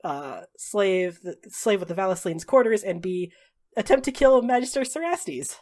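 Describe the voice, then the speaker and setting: A woman's voice: medium pitch, lively intonation, moderate pace, a little mellow. A woman running a tabletop game as game master, narrating in a casual, chatty way and laughing often.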